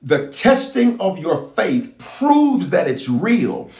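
A man's voice: high-pitched, big pitch swings, slow pace, darkish tone, echoey room. A man, a bishop, leading a livestreamed prayer sermon. He talks straight to his online viewers, asks them to type and wave, and repeats key phrases for emphasis.

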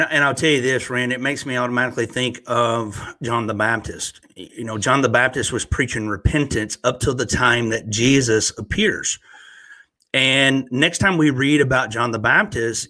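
A man's voice: medium pitch, sharp tone, dry recording. A man with a Southern US accent, a guest on a faith podcast, preaching earnestly and slipping in self-mocking jokes. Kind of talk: casual faith podcast chat.

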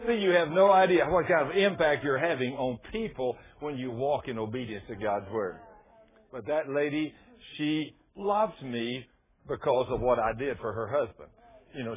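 A man's voice: mid-range voice, lively intonation, moderate pace. A middle-aged man, preaching a sermon and telling stories, acting out the dialogue in a folksy way. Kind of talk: sermon with storytelling. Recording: tinny phone-like radio broadcast.

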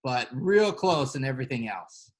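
A man's voice: mid-range voice, big pitch swings, normal speed. A man co-hosting a podcast in casual chat, rambling with lots of filler words. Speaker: podcast co-host.

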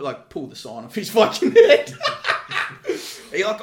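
A man's voice: fairly high pitch, big pitch swings, normal speed. A man in his thirties with an Australian accent telling profane, brash security stories in a casual podcast chat. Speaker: podcast guest, former security guard. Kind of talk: casual storytelling. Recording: echoey room.

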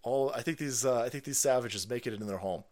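A man's voice: mid-range voice, brisk, a little mellow. A man hosting a casual livestream, reading viewer messages and answering them with profanity, laughter and rambling asides. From South Carolina.

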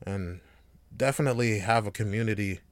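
A man's voice: fairly low pitch, fairly quick, dry recording. A man hosting a casual solo podcast monologue, joking, swearing and laughing often. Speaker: podcast host.

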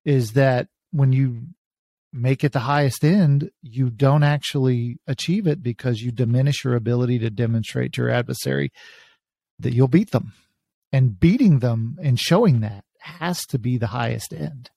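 Husky-voiced male podcast host. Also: mid-range voice, moderate pace, dark tone, no room sound. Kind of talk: interview conversation.

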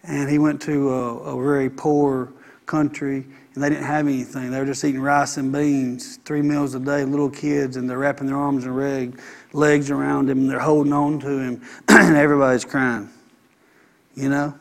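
A man's voice: medium pitch, level tone, normal speed, gravelly. A man preaching a sermon as a pastor, emphatic and repeating his phrases in building runs.

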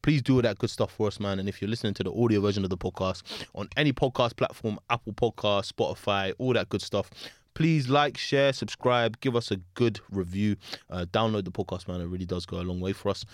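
A man hosting a podcast, talking sport in rapid, slangy, enthusiastic chat. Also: on the low side, dry recording, studio quality. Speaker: podcast host.

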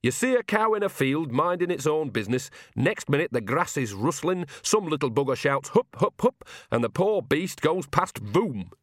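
A man's voice: on the high side, big pitch swings, moderate pace, hardly any pauses, no echo, studio quality, voice pushed up. A man voicing an earthy, shameless old witch woman who talks in a blunt, bawdy, down-to-earth way, in an audiobook reading.

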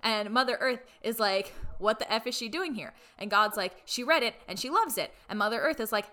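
A woman's voice: medium pitch, lively intonation, moderate pace, pushed and bright. A woman in casual chat retelling a story, full of "like" fillers and playfully irreverent asides.

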